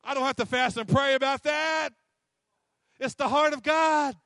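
High-voiced emphatic male preacher. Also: moderate pace, pushed and bright, no echo, studio quality. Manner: emphatic, repetitive, acts out quotes. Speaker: pastor. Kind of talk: sermon.

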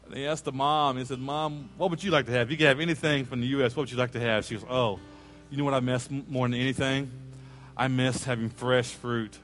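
A man preaching a sermon, telling a story with lively acted-out quotes and asides to the congregation. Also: mid-range voice, brisk, soft background music. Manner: animated storyteller, acts out quoted voices, jokes with congregation. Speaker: pastor. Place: church sanctuary.

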